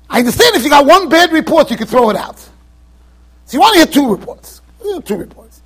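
A man giving an informal Torah lecture as a rabbi, animated and joking, repeating phrases for emphasis. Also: extremely high pitch, a little fast. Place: yeshiva lecture hall.

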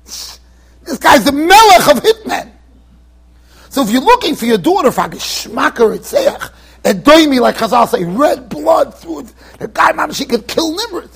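A man giving an informal Torah lecture as a rabbi, animated and joking, repeating phrases for emphasis. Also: very high-pitched, moderate pace, vocal fry. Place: yeshiva lecture hall.

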